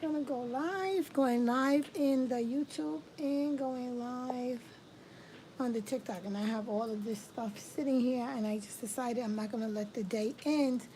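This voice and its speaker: A woman's voice: on the high side, unhurried, warm tone, slight background noise, poor audio. A middle-aged woman hosting a casual livestream tarot reading, affirming and repeating phrases for emphasis.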